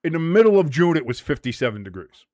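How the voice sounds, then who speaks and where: An American man hosting a casual watch-along chat, his voice sitting a bit high and swinging widely in pitch as he jokes and swears freely. He switches between explaining the game and ranting in a lively, animated way. The sound is dry and close. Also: quick pace, dry recording. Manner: profane, joking, animated. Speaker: host.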